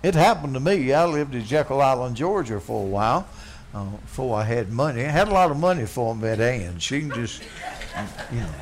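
A man preaching a blunt, folksy sermon, dropping to quiet asides and then yelling. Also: mid-range voice, lively intonation, fairly quick, a little hiss or hum. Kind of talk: fiery sermon.

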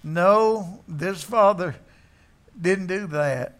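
A man's voice: high-pitched, extremely slow, a bit bright. A man preaching a sermon, telling a story in a folksy way and acting out its characters. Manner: folksy, acts out voices in the story.

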